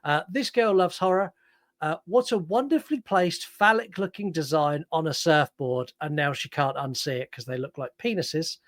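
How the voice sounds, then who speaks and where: A British man co-hosting a podcast in casual chat, with a slightly high voice and a dry, close sound. He teases his co-host and reads out listener captions, peppered with fillers. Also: moderate pace, a bit bright, dry recording.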